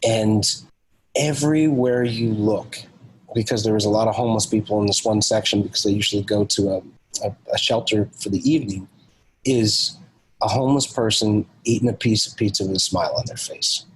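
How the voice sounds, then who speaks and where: Husky-voiced man telling a lively story. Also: on the low side, a little fast, low-quality recording. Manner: animated storyteller, acts out quoted dialogue. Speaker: podcast guest, author. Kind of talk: storytelling in a podcast interview.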